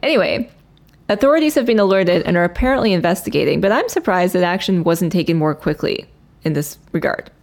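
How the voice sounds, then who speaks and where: A woman's voice: fairly low pitch, expressive, quick pace. A woman co-hosting a podcast in casual chat, dry and matter-of-fact. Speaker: podcast co-host.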